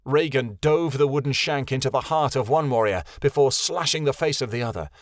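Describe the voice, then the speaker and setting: Male audiobook narrator, mid-pitched, steady storytelling, dry close recording. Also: brisk, dry recording. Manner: steady storytelling, voices every character. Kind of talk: scripted fantasy narration.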